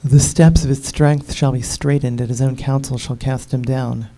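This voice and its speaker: A man's voice: medium pitch, fairly even intonation, normal speed, warm tone, voice pushed down, close to an everyday voice, low-quality recording. A man reading scripture aloud in a solemn voice, speaking the lines of a stern old male biblical accuser. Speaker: scripture reader.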